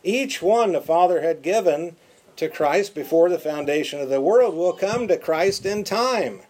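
A man preaching a sermon, emphatic and repeating words for stress, dropping to quiet, drawn-out phrases. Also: on the high side, lively intonation.

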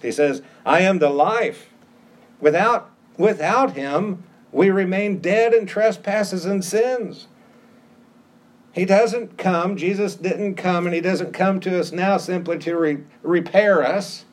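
Emphatic preaching man, slightly high voice. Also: a little slow. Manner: emphatic, repeats phrases for stress. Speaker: pastor. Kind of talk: sermon.

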